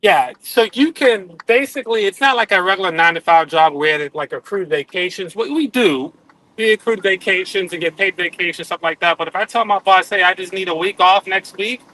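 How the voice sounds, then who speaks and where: A man's voice: sits high, brisk, sharp tone, rough recording. A man joining a live online chat as a guest, telling stories in an easygoing way and laughing easily, over a video call. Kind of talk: casual chat.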